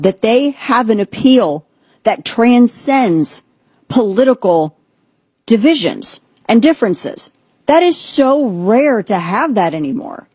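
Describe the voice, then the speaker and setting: Husky-voiced woman with sardonic emphasis. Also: on the high side, a little mellow, no echo. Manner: emphatic and sardonic, with blunt slang. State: has an ear infection. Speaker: show host. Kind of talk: opinionated commentary monologue.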